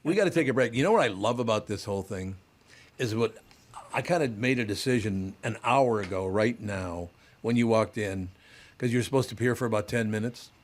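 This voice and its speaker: Man, podcast host, fairly low voice, blunt, joking, casual studio chat. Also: a little fast.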